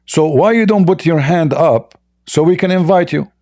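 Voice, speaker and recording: A man's voice: a little high, normal speed, dark tone. A man hosting a live online debate, mocking and combative, often laughing at his opponents. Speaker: debate host.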